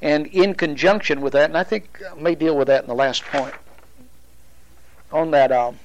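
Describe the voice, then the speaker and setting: A man teaching a Bible study, explaining at a deliberate pace with pauses and restarts. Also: a little high, highs cut off, slight background noise.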